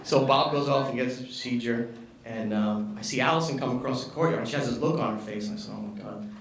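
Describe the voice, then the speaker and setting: A man telling comic stories at a retirement roast at a golf club, animated and acting out quotes. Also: medium pitch, quick pace, recorded from a distance. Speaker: roast speaker, former assistant. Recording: echoey room with background noise.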